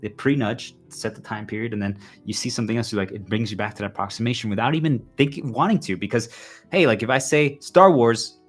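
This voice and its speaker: A man's voice: medium pitch, fast, faint music behind. A man livestreaming a rambling, intense personal monologue, full of repeated fillers. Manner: intense, repetitive, heavy use of "like".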